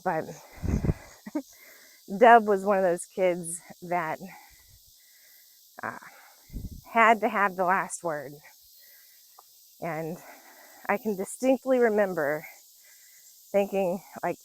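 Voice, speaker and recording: A woman in her forties chats slowly through funny childhood stories, laughing often between lines. Her voice sits in a middle pitch and sounds close and dry. She has an easygoing, storytelling manner. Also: no echo, rough recording. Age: 40s. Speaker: vlogger. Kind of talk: casual storytelling. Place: outdoors on a nature walk.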